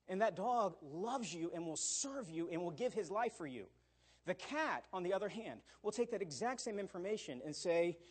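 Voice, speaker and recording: High-voiced husky man preaching. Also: brisk. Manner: animated preaching with repeated "all right?" asides and acted quotes. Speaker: pastor. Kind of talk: sermon.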